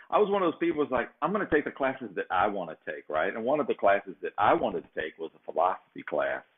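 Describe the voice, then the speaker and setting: A man hosting a show, telling a long casual story and often tagging "right?" onto his sentences. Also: fairly low pitch. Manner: rambling, peppers sentences with "right?". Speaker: show host. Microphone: checks own sound setup. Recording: phone-like narrow sound.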